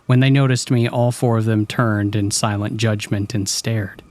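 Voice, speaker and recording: A man narrating a scripted horror story in a steady storytelling voice. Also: on the low side, moderate pace, dry recording.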